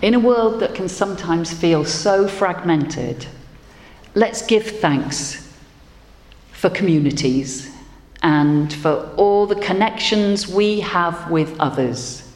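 A woman minister giving a gentle, reflective sermon and leading prayer. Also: lowish voice, animated, slow. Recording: roomy hall with faint ambience.

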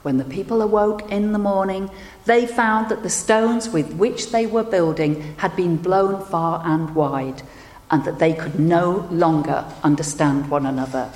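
A woman minister giving a sermon and leading a prayer, telling stories in a measured, gentle way. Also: on the low side. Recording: echoey hall with long reverb.

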